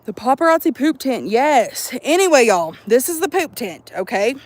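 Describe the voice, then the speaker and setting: A young woman vlogging to her phone outdoors at a campsite, chatting in an animated, profane, jokey way. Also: sits high, moderate pace, no room sound. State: out of breath. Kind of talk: casual chat to camera.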